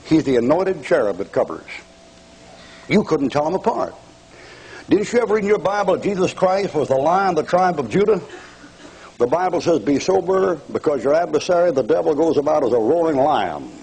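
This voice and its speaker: A man's voice: a little high, darkish tone, husky, rough recording. An older man preaching a televised fire-and-brimstone sermon, mocking and taunting his audience with bursts of laughter.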